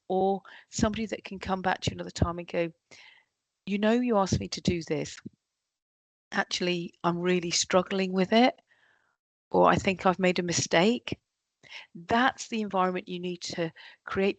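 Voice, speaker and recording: Lively woman leading a workshop. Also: mid-range voice, creaky, dry recording. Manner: lively, acts out quoted colleagues. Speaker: workshop trainer. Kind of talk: leadership workshop talk.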